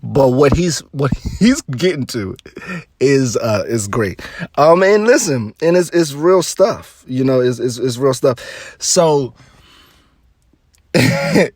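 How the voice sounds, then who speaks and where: A man's voice: medium pitch, a little mellow, no room sound, studio quality. Chatty man riffing with laughter. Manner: loose and chatty, laughs often, repeats himself, swears. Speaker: vlogger commenting on celebrity news. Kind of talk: casual rambling commentary.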